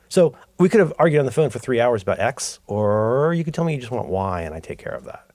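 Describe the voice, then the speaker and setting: Man, podcast co-host, loose rambling talker, lively pitch, dry close sound. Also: quick pace, few pauses, no echo. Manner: rambling, self-interrupting, animated storytelling. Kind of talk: casual chat.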